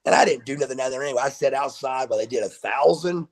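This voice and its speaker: Middle-aged male guest, gravelly husky delivery, acts out the dialogue in his stories. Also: mid-range voice, quick pace. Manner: animated storyteller who acts out quoted dialogue. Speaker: guest wrestler. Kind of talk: casual storytelling interview.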